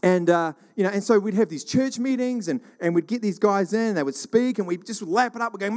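A middle-aged man from New Zealand telling rambling church stories in a casual, animated monologue. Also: sits high, a little fast, few pauses. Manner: rambling, animated, acts out quoted voices.

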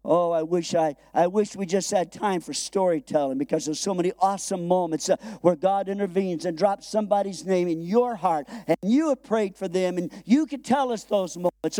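A man's voice: high voice, animated, normal speed, dark tone, dry recording. A middle-aged man, a pastor preaching a sermon and telling a personal story, acting out the dialogue and chuckling at his own jokes.

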